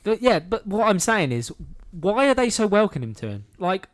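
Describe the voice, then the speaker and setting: A man's voice: high-pitched, big pitch swings, moderate pace, no room sound. A man co-hosting a podcast, ranting in casual chat and swearing freely. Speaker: podcast co-host.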